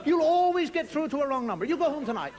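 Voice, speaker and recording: A man's voice: very high voice, big pitch swings, quick pace, crowd noise, background noise. An Irish man performing a stand-up monologue, telling wry stories with mock outrage. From Ireland. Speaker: stand-up comedian.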